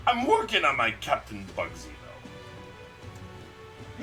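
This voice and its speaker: A housemate chatting casually from across the room, goofy and prone to loud bursts of laughter. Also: medium pitch, huge pitch swings, unhurried, music in the background. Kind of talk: casual off-mic chat.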